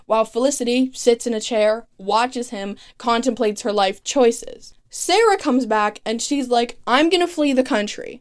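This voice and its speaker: A woman's voice: fairly high pitch, darkish tone. A young woman casually recapping a TV season with chatty, sarcastic commentary, peppered with "like" and "okay". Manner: chatty, sarcastic, lots of 'like' and 'okay'. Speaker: recap host. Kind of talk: casual comedic recap narration.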